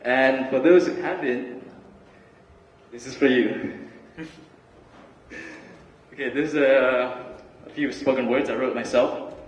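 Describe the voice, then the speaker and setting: A young man giving a relaxed, chatty student talk with lots of fillers and restarts. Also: mid-range voice, takes it slowly, long pauses. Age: young adult. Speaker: student speaker. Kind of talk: casual student talk and spoken word. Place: large hall. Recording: roomy hall recording from far off.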